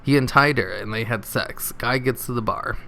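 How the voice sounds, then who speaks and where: A man's voice: medium pitch, normal speed, gravelly. A man reading jokes from online posts aloud, adding laughing asides and comments between them. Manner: reads flatly, then laughs and comments on the jokes.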